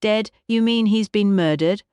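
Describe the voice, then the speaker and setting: A brisk male country doctor with a Scottish accent, voiced by a woman narrating an audiobook. He talks in blunt, matter-of-fact lines. The recording is close and dry. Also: medium pitch, darkish tone, clean tone, no room sound, pitched above the performer's own voice, close to an everyday voice. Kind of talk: audiobook character voice.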